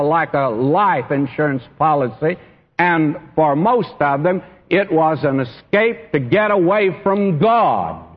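A man's voice: on the high side, breathy edge. A man preaching a sermon in a church, earnest and speaking straight to his listeners. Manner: earnest, addresses listeners directly as friend and beloved. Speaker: pastor. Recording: dull, echoey church hall recording.

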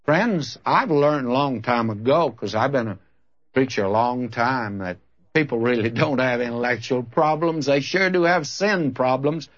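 Man, preacher, earnest sermon, husky voice, dull lo-fi recording. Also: medium pitch, a little slow, fairly bright tone. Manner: earnest, conversational storytelling. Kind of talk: sermon with storytelling and scripture reading.

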